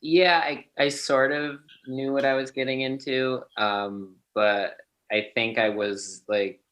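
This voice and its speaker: A man's voice: medium pitch, steady tone, slow pace, fairly bright tone, rough recording. A man from the cast answering in a casual group video chat, easygoing and upbeat with loose phrasing. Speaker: cast member.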